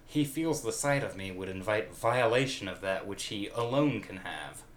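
Guy playing a coy hidden-away lover, sighing and theatrical, lowish voice. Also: animated, moderate pace, a little hiss or hum, natural voice.

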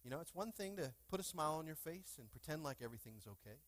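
A man's voice: on the high side, lively intonation, fast, fairly bright tone, no room sound. A male pastor preaching a sermon in a church, with call-and-response questions to the congregation and fervent bursts. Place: church sanctuary.

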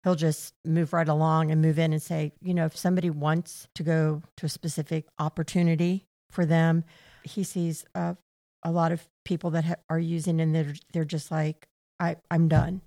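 Low gravelly woman telling stories. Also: level tone, moderate pace. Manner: warm storytelling, acts out conversations. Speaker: clinic volunteer guest. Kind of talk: casual interview chat.

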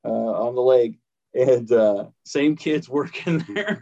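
A man's voice: mid-range voice, animated, slow pace, gravelly, dark tone, muffled recording. A man in his thirties with a Midwestern American accent, casually telling a travel story on a podcast and laughing easily. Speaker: podcast co-host. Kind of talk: casual chat.

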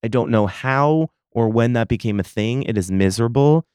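A man's voice: medium pitch, normal speed, darkish tone, smooth, dry recording, clean studio sound. A man in his thirties hosting a solo podcast, telling stories in casual chat with profane, dramatic complaints. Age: 30s. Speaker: podcast host.

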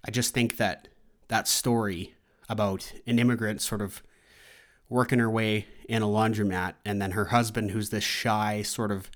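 A man with a slightly low voice hosts his own podcast. He talks casually and loosely, wandering between thoughts and filling the gaps with ums and restarts. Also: level tone, normal speed. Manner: rambling, loose, many fillers and restarts. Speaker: movie podcast host. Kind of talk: casual solo chat.

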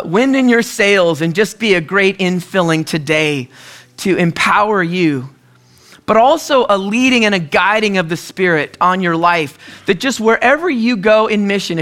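High, bright-voiced male pastor preaching. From US Northwest. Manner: storytelling, conversational preaching with frequent throat-clearing. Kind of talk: sermon.

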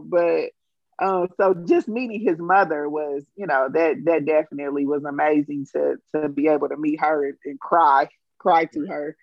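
Woman, casual storytelling, animated, dry dull recording. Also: deep voice, moderate pace, no echo. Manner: animated, acts out quotes, emotional.

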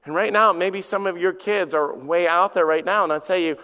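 A pastor in his forties delivers a sermon in a high, ringing voice. He often stammers over the first words of a sentence before pushing on into a personal story. The sound carries the long reverb of a church hall. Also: fairly even intonation, fairly quick, pushed and bright. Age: 40s. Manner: repeats words when starting sentences, storytelling. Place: church sanctuary.

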